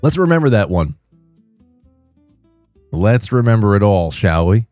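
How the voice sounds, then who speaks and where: A man hosting a livestream, telling a rambling, animated story in casual chat. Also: lowish voice, measured pace, no echo, faint music behind. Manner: rambling, animated, many restarts. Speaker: livestream host.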